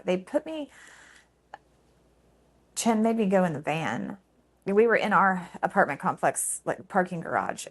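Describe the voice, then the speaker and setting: A middle-aged woman recounting a painful personal story, halting and emotional, with frequent fillers. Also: on the low side.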